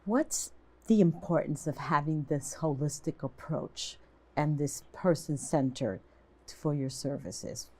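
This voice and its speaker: A woman's voice: low voice, takes it slowly, mellow. An older woman hosting a talk show interview, asking questions and affirming her guests. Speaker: host.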